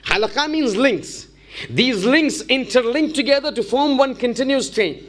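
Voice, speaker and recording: A man with a strikingly high voice delivers a religious lecture. He tells the story step by step and stacks up rhetorical questions to press each point home. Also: animated, normal speed, fairly bright tone. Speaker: Islamic preacher.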